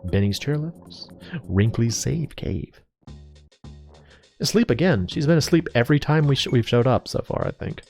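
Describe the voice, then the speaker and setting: A man's voice: mid-range voice, lively intonation, moderate pace, gravelly, a little mellow. A man casually commenting on a video game as he plays, rambling, joking and self-deprecating. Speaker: let's play host. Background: faint game music.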